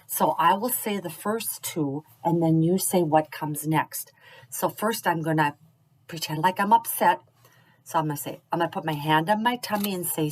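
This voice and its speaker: Gentle teacher woman, low-pitched voice. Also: rough recording. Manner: gentle, encouraging, slow and clear. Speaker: early childhood teacher. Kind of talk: instructional video for parents.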